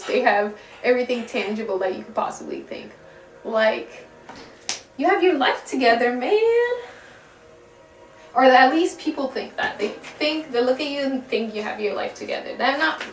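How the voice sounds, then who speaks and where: Young woman, tarot reader, chatty and giggly, fairly high voice, echoey room, a bit off-mic, faint music behind. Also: distant mic. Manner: chatty, giggly, swearing casually, drawn-out emphasis. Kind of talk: casual pick-a-card tarot reading. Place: room at home.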